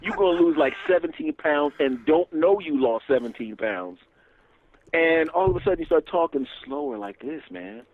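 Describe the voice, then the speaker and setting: A man, a comedian telling stories in an animated, profane way as a guest. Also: fairly high pitch, normal speed. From Philadelphia area, USA. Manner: animated, swearing, laughs often, acts out dialogue. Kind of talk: casual storytelling interview. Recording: dull lo-fi radio recording.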